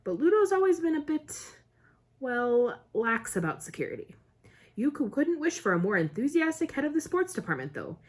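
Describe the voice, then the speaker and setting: A woman reading the part of a cheerful, flustered middle-aged wizard father who speaks brightly and nervously. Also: sits high, very animated, moderate pace, voice pushed up. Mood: cheery nervous.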